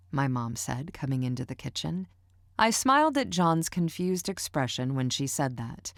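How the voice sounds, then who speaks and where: A woman narrates a first-person audiobook in a low, gravelly voice with a measured, even manner. The studio sound is dry and close. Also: dry recording.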